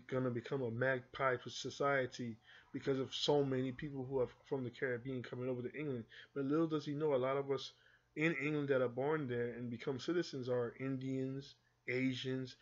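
A man from the United Kingdom with a mixed Jamaican and American accent gives rambling, casual commentary and reads an article aloud to his viewers, often restarting. His voice is mid-range with a breathy edge. The audio sounds dull, as if from a phone or computer mic.

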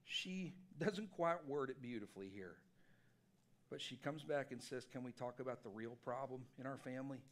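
A man preaching a sermon as pastor, telling a personal story in an animated, self-deprecating way. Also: mid-range voice, moderate pace. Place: church sanctuary.

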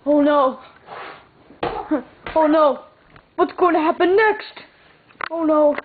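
A woman's voice: sits high, slow pace. A woman acting out a playful toy role-play with voices, melodramatic and full of worried wails. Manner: melodramatic, lots of 'oh no' wailing. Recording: tinny phone-like audio with faint hiss.

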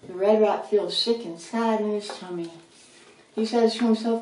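A woman's voice: mid-range voice, steady tone, normal speed, a little mellow. Lady reading a kids storybook, mic kinda far away. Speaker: storybook reader. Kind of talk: reading a children's story aloud. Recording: roomy sound, mic at a distance.

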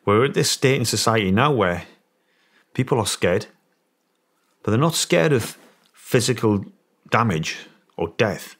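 A man's voice: on the low side, measured pace, long pauses. A middle-aged British man, a former soldier guest on a podcast, telling a story and acting out the voices of people in it. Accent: British English. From England. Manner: animated storyteller, acts out quoted voices. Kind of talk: storytelling in an interview.

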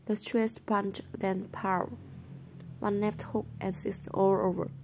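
A woman's voice: medium pitch, little pitch movement, slow, creaky, a little mellow, a little hiss or hum. A woman reading the lines of a cheerful, shrewd schoolboy in an airy, matter-of-fact way. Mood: breezy.

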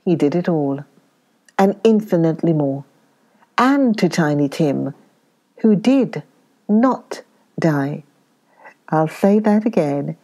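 A woman with a British accent reading a classic story aloud, slowing down on key words for emphasis. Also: deep voice. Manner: expressive, slows down for emphasis.

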